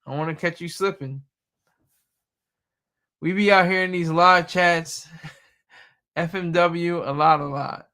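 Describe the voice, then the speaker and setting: A man's voice: a little high, steady tone, slow pace, pauses often, sharp tone, clear, resonant tone. A young man from Delaware chatting casually on a livestream, joking, laughing often and rambling. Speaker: livestream host. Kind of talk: casual live chat.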